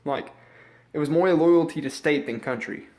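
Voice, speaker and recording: A man's voice: a little high, normal speed, a little mellow. Rambling, profane young American man. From United States. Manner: rambling, profane, loses his track. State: out of breath, feeling sick. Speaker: vlogger. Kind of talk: casual opinion rant.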